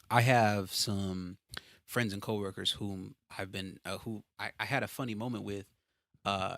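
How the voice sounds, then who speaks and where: A man hosting a podcast from a home basement, ranting casually and profanely with animated exasperation. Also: mid-range voice, no echo, clean studio sound. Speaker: podcast host.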